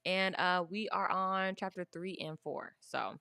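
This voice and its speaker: A woman co-hosting a podcast in casual chat, chatty, with quick bursts and lots of affirmations. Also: fairly low pitch, gravelly, pushed and bright, clear, resonant tone, no room sound, clean studio sound. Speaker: podcast co-host and producer.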